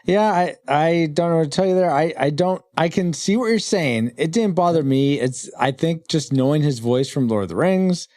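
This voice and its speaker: A man's voice: fairly high pitch, expressive, normal speed, few pauses, darkish tone, no echo, studio quality. A man hosting a casual podcast roundtable in an easygoing way, steering the discussion along. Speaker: podcast host.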